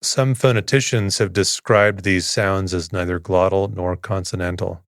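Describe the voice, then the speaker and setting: A man hosting a sleep podcast, reading a dense text in a slow, even, soothing way. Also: low-pitched, no echo, studio quality.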